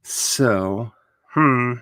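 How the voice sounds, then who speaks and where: A man's voice: medium pitch, extremely slow, fairly bright tone, smooth, no room sound, clean studio sound. A man talking casually on a livestream as he builds his fictional world, chatty and playful, addressing his viewers and grumbling at his browser.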